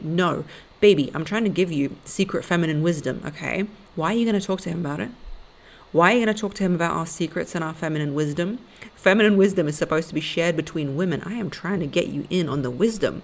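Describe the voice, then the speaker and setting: A woman's voice: lowish voice, fast. A young woman hosting a podcast, giving blunt, sassy relationship advice and calling listeners honey and baby. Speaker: podcast host. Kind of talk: casual advice monologue.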